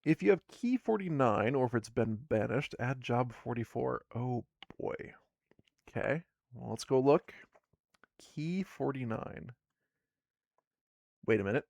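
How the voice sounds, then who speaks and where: A man's voice: medium pitch, expressive, unhurried, creaky, pauses often, darkish tone, dry recording. A sleepy man casually narrating his solo tabletop game on a live stream, rambling and self-deprecating as he reads the game text aloud.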